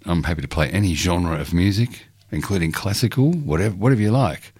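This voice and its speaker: Australian male radio host, very low voice, dry studio sound, loose rambling delivery. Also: lively intonation, brisk, a little mellow, breathy edge, no echo. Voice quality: rambling, with frequent ums and uhs. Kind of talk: live radio talk.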